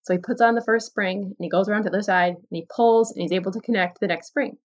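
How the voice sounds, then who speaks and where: A woman hosting a casual Christian podcast, talking earnestly to her listeners and reading a story aloud with lively emphasis. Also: medium pitch, fast, dull audio. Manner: earnest, conversational, often says "like" and "guys". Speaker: podcast host.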